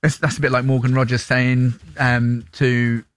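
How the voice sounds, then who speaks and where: A man co-hosting sports radio, chatty and animated as he argues football points. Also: mid-range voice, normal speed, smooth. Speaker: radio co-host. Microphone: studio microphone.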